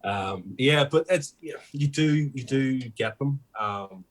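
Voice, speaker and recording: A man's voice: mid-range voice, expressive, takes it slowly. A young man, a podcast guest, rambling through sweary stories in casual chat.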